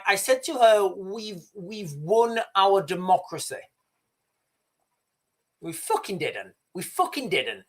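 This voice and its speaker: A man's voice: high voice, a bit bright. Heated man ranting on a livestream. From United Kingdom. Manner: emphatic and heated, swearing, halting restarts and repeated words. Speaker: livestream host. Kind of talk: impassioned political livestream rant.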